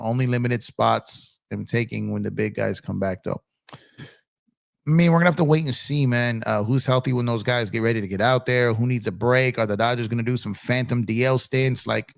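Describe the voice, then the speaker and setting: A man's voice: medium pitch, gravelly, dry recording, studio quality. A man hosting a casual live-stream sports chat, recovering from a cold, laid-back and repeating himself as he reads out chat.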